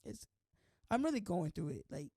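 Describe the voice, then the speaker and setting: Gravelly, chatty young woman vlogger. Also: fairly low pitch, very animated, normal speed, dark tone, no echo, clean studio sound. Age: young adult. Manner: chatty, playful, says "like" constantly. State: slightly hoarse from allergies. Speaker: host. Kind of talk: casual vlog chat.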